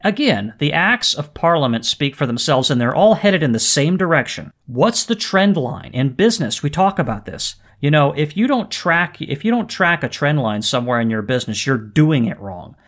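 A man hosting a podcast, commenting on a historical letter in a fired-up, animated way. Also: a little high, moderate pace, few pauses. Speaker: podcast host.

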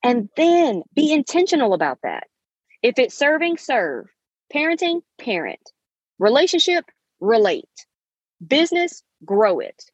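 A woman's voice: high voice, wildly swooping pitch, measured pace, husky, no echo. Woman, 30s, podcast host, emphatic motivational monologue, muffled and dry recording. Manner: emphatic, preachy, uses endearments.

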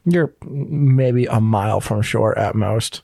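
A man's voice: mid-range voice, takes it slowly, gravelly, dark tone, no room sound, studio quality. A young man as game master, narrating a tabletop game in a rambling, joking way with many hesitations.

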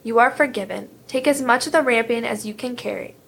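A stern, sly enchantress from a storybook, cold and commanding, voiced by a woman reader with a gravelly edge in a somewhat high voice. Every line comes out clipped and controlling. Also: a little fast, slight background noise.

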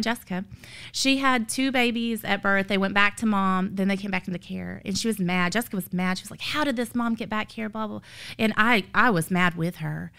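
Earnest gravelly woman. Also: fairly high pitch, fairly bright tone. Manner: earnest, emotional, faith-driven, rising to emphatic peaks. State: tired. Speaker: foster mother sharing her story. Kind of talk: heartfelt testimony.

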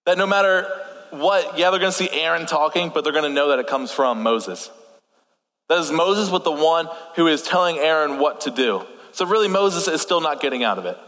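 A young man with a fairly high voice delivers a relaxed, joking sermon and reads scripture aloud. A slight lisp and stutter slip through now and then. His words trail into a long reverb from the church hall. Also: a little fast. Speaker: youth pastor. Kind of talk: casual sermon.

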